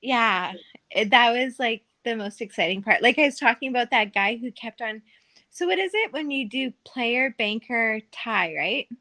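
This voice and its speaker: A woman's voice: on the high side, animated, normal speed, pushed and bright. A woman telling casual stories as a podcast guest, chatty and full of fillers, often laughing. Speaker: podcast guest, former casino dealer. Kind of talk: casual storytelling.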